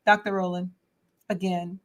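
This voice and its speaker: A woman's voice: on the low side, flat delivery, normal speed. Woman hosting a live stream, gushing, repeats herself, lots of "um". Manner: effusive, repeats phrases, many fillers. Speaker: host.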